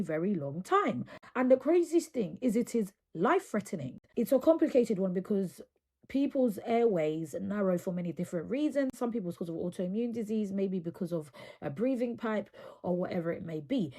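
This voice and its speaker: A woman's voice: mid-range voice, mellow. A young woman talking casually to camera as a video creator, earnest and emphatic, repeating words for stress.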